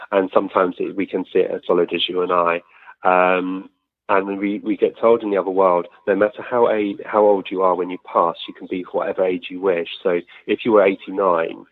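A low, husky male voice, telling stories in a lively, chatty way. He comes through a dry, tinny line that sounds like a phone call. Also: no room sound. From Sussex, England. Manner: chatty, animated storyteller with frequent self-corrections. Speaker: medium being interviewed. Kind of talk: conversational interview answers.

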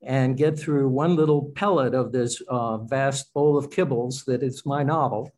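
In a radio interview, a male author and poet discusses his craft in a chatty, self-deprecating way. His voice is medium-pitched and darkish, with a measured pace.

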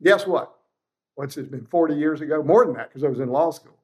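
Older male trial lawyer guest, sixties, animated and blunt, slightly higher voice. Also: fairly quick. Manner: animated, blunt, salty, acts out courtroom quotes. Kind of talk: casual interview storytelling.

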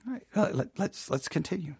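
A man's voice: a little high, animated, gravelly, dark tone, breathy edge, dry recording, studio quality. A man leading a Bible study in a conversational way, thinking aloud and putting questions to his listeners. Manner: thinks aloud, asks listeners questions, mimics in quick bursts.

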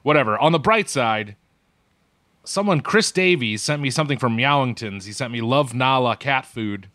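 A man's voice: medium pitch, expressive, normal speed, pushed and bright, dry recording. A man co-hosting a podcast in casual chat, ranting and swearing in an exasperated way. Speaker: podcast co-host.

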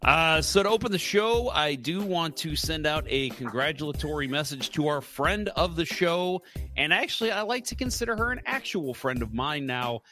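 Bright-voiced chatty American man host. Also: fairly high pitch, animated, moderate pace. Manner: chatty, rambling storyteller with many fillers. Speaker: podcast host. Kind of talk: casual sports podcast chat.

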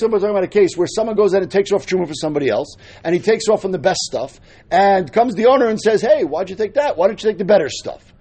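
A man with a husky voice teaching a Talmud lesson, explaining step by step and mixing in Hebrew and Aramaic terms. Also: high voice, a little mellow.

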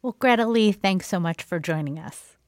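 Woman radio interviewer, gentle attentive questions, dry studio sound. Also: lowish voice, moderate pace, no room sound.

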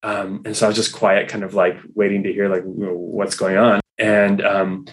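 A man working as a hospital rabbi, guest on an interview, telling stories in an animated way, acting out the people in them and often saying "like" and "you know". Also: fairly low pitch, moderate pace, low-quality recording. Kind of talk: storytelling in a conversational interview.

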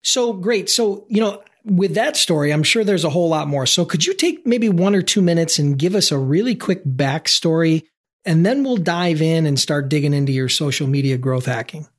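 A man's voice: a little high, lively intonation, moderate pace. A man hosting a business podcast, reading an upbeat scripted intro and then interviewing a guest. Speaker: podcast host.

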